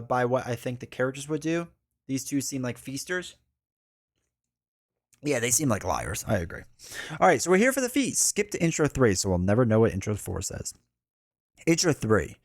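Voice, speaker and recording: A man with a mid-range voice, recorded in studio quality with no room sound, streams a live card game playthrough. He chats casually, reads the story aloud, jokes at his own expense and laughs often.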